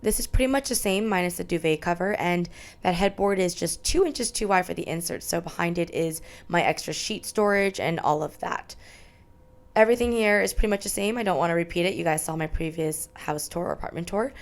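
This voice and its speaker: A woman's voice: on the low side, brisk. A young adult woman narrating a tour of her small apartment, chatty and candid as she lists her things. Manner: chatty, candid, listing items. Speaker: vlogger.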